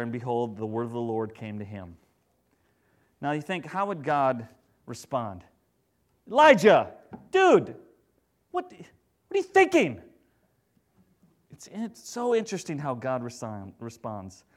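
Brief: male preacher, mid-pitched, delivering a sermon that swings between loud and hushed. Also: normal speed. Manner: swings from loud, animated paraphrase to hushed, gentle tones.

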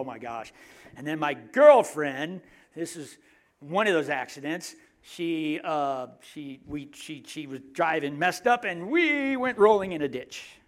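A middle-aged man preaching a sermon in a conversational, joking way, often dropping his voice to hushed asides. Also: a little high. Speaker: pastor.

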